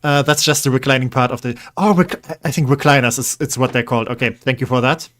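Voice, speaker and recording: Male game streamer, mid-pitched, casual and rambling, coaxes pets, easygoing chat. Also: fairly even intonation, quick pace, a bit bright. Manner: chatty, rambling, coaxing pets. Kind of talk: casual gameplay commentary.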